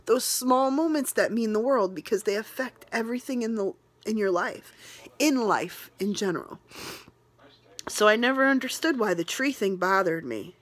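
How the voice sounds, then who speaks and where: A woman's voice: fairly high pitch, lively intonation, moderate pace. Earnest, tearful woman vlogger. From New England. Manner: earnest, tearful, rambling with restarts. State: emotional, near tears. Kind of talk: emotional personal vlog.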